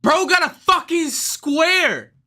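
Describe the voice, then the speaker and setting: Bright, animated, cursing male streamer. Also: extremely high pitch, takes it slowly. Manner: profane, excitable, rambling. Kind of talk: casual livestream rant.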